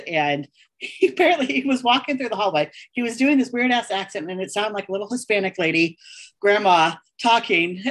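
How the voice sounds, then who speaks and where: A woman co-hosting a casual podcast chat, telling a story with laughter and frequent swearing. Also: mid-range voice. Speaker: podcast co-host.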